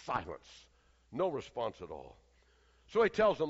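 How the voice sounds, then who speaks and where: A man preaching a sermon who swings between loud, declaiming passages and hushed, quiet ones. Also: mid-range voice, wildly swooping pitch, normal speed. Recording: long hall reverb, dull lo-fi sound.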